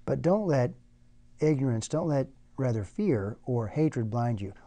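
A man's voice: medium pitch, expressive, measured pace, warm tone. A man preaching a sermon in a conversational way, often repeating words as he goes.

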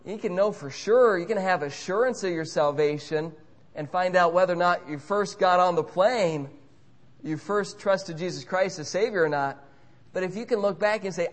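Earnest preacher man, fairly high voice. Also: moderate pace. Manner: earnest, repeats key phrases. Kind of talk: sermon.

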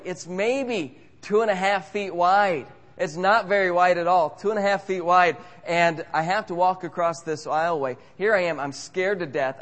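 A man telling a humorous, self-mocking story as a preacher, in an animated way. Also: high voice. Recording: echoey hall.

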